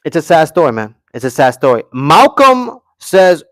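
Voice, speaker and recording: A man's voice: on the high side, sing-song, moderate pace, a bit bright, dry recording. A man hosting a live stream, giving brash, opinionated fight commentary, reading chat comments aloud and answering them. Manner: brash, opinionated, repeats "okay" and "guys". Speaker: livestream host.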